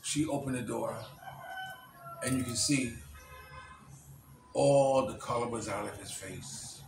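A man casually retelling a movie plot for his channel, in halting speech full of "you know" and restarts. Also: medium pitch, gravelly, noisy background. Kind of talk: casual storytelling. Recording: roomy distant recording, birds chirping.

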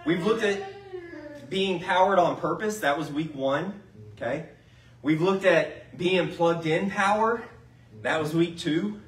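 A man preaching a sermon as pastor, talking casually and asking his congregation questions. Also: high voice. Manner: conversational, asks the congregation questions. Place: church sanctuary. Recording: roomy sound from a distance.

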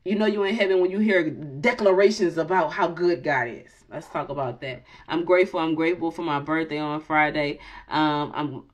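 In lo-fi sound, a woman in her late 30s with a deep voice runs a tarot video at normal speed with few pauses. As the channel host, she keeps it freewheeling, mixing prayer and banter with frequent swearing, jokes and laughter.

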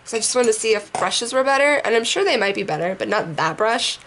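Hoarse young woman, slightly high voice, rambling casual makeup chat, swears offhand. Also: lively intonation, brisk. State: hoarse from a sinus infection. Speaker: beauty vlogger. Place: bedroom at home.

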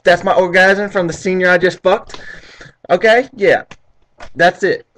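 A young man doing an impression of a dramatic, gossipy teenage girl who talks in a half-hushed voice. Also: sits high, fairly even intonation, measured pace.

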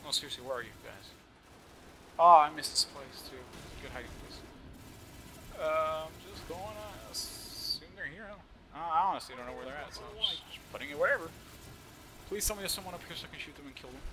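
A young man with a slight lisp giving casual, joking live commentary over his own shooter gameplay, swearing often and yelling at other players. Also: a little high, lively intonation, a little fast, a crowd in the background. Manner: joking, swears often, yells at opponents and teammates.

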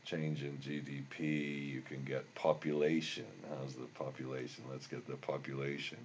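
An older man teaching a software tutorial while recording his screen, rambling and grumbling about bugs as he works. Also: very deep voice, flat delivery, moderate pace, dull audio, a little hiss or hum. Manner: rambling, easily frustrated, grumbling asides. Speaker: instructor.

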